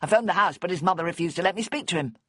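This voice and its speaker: A grieving, resentful man, blunt and snappish, as a woman reader plays him. The voice sits fairly low with a husky, breathy texture. The storybook recording is close and dry. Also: animated, quick pace, no echo. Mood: angry. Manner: curt, bitter and snappish.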